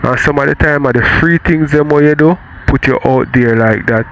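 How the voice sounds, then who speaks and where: A Jamaican man with a mid-pitched voice talks through advice in an easy, casual way, often checking that he is understood. A faint wash of background noise sits behind him. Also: normal speed, vocal fry, fairly bright tone, low-quality recording. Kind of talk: casual advice-giving chat.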